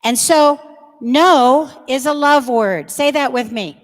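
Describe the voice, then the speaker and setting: A woman's voice: high voice, slow pace. A woman giving an earnest, emphatic religious education talk to parents and teens in a church hall. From United States. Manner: earnest, emphatic, acts out kids' voices. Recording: long reverb of a large hall.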